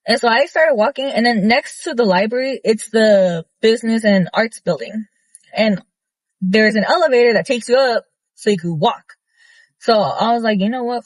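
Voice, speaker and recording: A woman's voice: on the high side, no echo. A young woman telling a story in a casual, blunt rant, swearing freely and filling her talk with "like". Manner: blunt, profane, animated retelling with many fillers. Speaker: vlogger.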